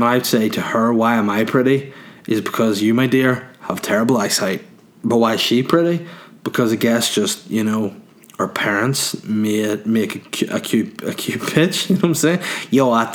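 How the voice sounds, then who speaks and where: A man's voice: mid-range voice, normal speed. A man doing a crude, rambling comic monologue, answering listener questions and laughing at his own jokes.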